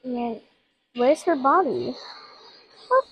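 A woman with a high, light voice talks through a video game in a chatty, playful way. She takes her time and speaks to her viewers as she plays. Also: expressive, takes it slowly, highs cut off, a little hiss or hum. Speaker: gaming channel host. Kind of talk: casual gameplay commentary.

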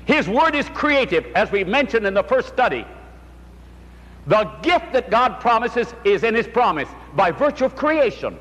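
An older man preaching a sermon with fervent delivery, rising sharply in pitch on key words and asking rhetorical questions. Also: very animated, moderate pace, a bit bright, in a large hall, rough recording.

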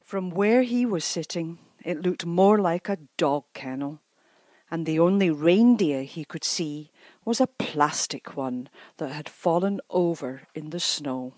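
A woman's voice: on the low side, no echo. A woman reading a children's picture book aloud as a storyteller. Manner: slow, lively storytelling.

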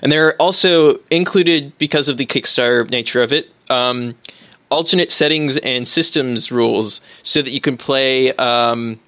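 A man's voice: mid-range voice, moderate pace, pushed and bright, no room sound. A man co-hosting a casual podcast about tabletop games, talking enthusiastically with fillers and restarts. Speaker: podcast co-host.

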